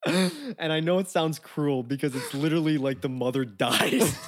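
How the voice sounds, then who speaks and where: A man co-hosting a casual podcast chat, animated and quick to laugh, acting out scenes as he tells them. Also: a little high, no room sound. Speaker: podcast co-host.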